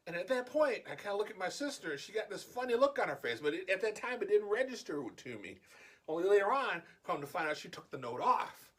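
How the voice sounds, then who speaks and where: A man vlogging a casual personal story, animated and acting out the dialogue. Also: a little high, brisk, slightly rough.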